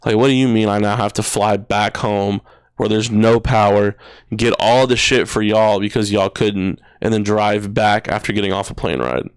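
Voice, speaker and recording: A man's voice: fairly low pitch, moderate pace, clean tone, no echo. A young man in his twenties, a podcast guest, telling a personal story in casual slang, full of "bro" and "dude" and swearing. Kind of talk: emotional storytelling. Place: podcast studio.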